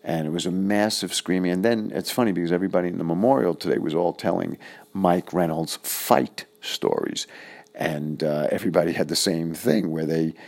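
A middle-aged man recalling an old friend in a casual, halting, reflective way with many pauses. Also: sits low, steady tone, creaky, a little mellow. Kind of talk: casual personal recollection.

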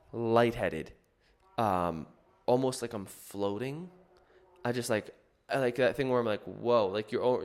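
A man's voice: mid-range voice, darkish tone, clean tone. A man telling a personal story in a casual, rambling way, full of fillers and restarts. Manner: rambling, filler-heavy, self-correcting.

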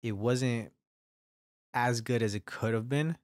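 A man's voice: mid-range voice, takes it slowly, darkish tone, dry recording, studio quality. A young man hosting a solo podcast, swearing constantly as he rambles casually into his microphone. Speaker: podcast host. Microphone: studio microphone, varying distance.

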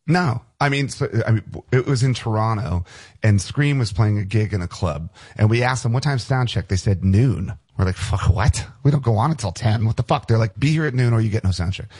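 Husky, profane man telling stories. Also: on the low side, a little fast. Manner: profane, animated storyteller. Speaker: guest musician. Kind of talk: casual storytelling.

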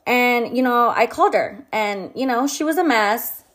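A woman's voice: on the high side, expressive, normal speed, a bit bright. A young woman talking candidly to camera, telling a personal story in a casual, frank way, full of fillers and swearing. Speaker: vlogger.

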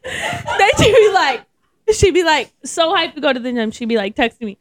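A young woman co-hosting a podcast, telling gym stories in animated casual chat, laughing and swearing often. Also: high voice, normal speed, no room sound. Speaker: podcast co-host.

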